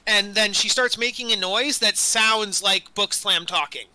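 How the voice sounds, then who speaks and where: A man running a tabletop game as dungeon master, narrating in a rambling way, full of fillers and quick self-corrections. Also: high-pitched, sharp tone, dry recording, low-quality recording.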